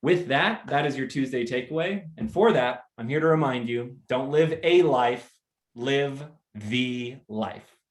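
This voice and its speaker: An American man hosting a motivational live talk, energetic and animated, acting out little scenes as he speaks. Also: mid-range voice, measured pace, reverberant. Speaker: host.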